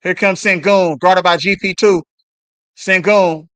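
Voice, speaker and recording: A man calling a basketball game live as a fan on a stream, swearing and yelling at the players between play-by-play. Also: high-pitched, unhurried, no room sound. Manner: excited, profane trash talk at players. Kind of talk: fan play-by-play watch-along.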